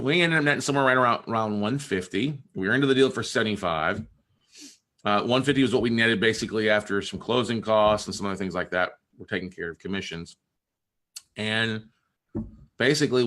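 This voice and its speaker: Man, podcast host, gravelly, bright tone, casual storytelling, quotes dialogue. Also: lowish voice. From Texas. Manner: conversational, with many restarts and quoted dialogue. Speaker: podcast host and note investor.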